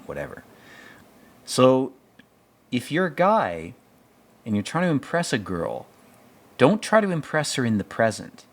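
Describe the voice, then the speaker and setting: Guy ranting about a tv episode, low voice but swings all over, swears a lot, rambles. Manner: blunt, profane, rambling, with mocking quoted voices. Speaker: podcast host commenting on a TV episode. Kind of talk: casual opinionated commentary.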